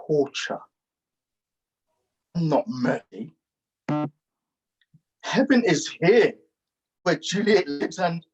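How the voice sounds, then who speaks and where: A man sight-reading Shakespeare, playing a young man banished from his love, reading the verse in a halting, careful way over a video call. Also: high voice, muffled recording. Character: young lovesick man Romeo, banished and despairing. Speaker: acting workshop participant.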